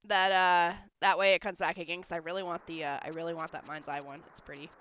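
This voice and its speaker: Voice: medium pitch, little pitch movement, quick pace, a bit bright, smooth. A livestreamer in casual, rambling chat while gaming at home, answering messages from chat. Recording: slightly dull lo-fi mic. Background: faint game music.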